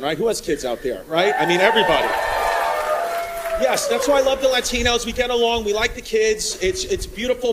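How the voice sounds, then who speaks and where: A male stand-up comedian performing a brash set on a comedy club stage, shouting punchlines over a laughing crowd. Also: high voice. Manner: brash, loud bursts of shouting. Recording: live club recording with crowd noise.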